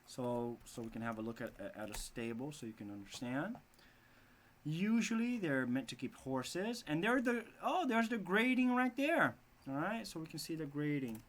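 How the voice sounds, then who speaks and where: A man teaching English who reads a fairy tale aloud and breaks off often to explain words in an animated way. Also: on the high side, moderate pace, slight background noise. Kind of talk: reading a story aloud and explaining vocabulary.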